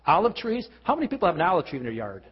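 Male pastor, slightly high husky voice, earnest sermon, lo-fi hall recording. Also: wildly swooping pitch, racing. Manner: earnest preaching with frequent restarts and rhetorical questions. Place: church hall. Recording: lo-fi recording with long hall reverb.

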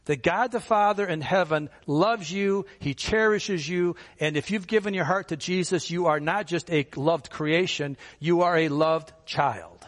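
A pastor speaks to his congregation with warm, conversational ease, asking rhetorical questions at a measured pace and hardly pausing. His voice is a little higher than most men's, and the sanctuary's long reverb trails behind his words.

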